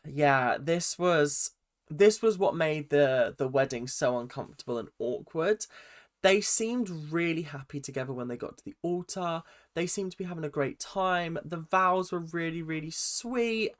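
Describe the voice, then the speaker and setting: A young man with a slightly high voice recaps a reality show at an unhurried pace, sounding chatty and exasperated. He's a reaction vlogger, and his casual commentary is full of ums and false starts.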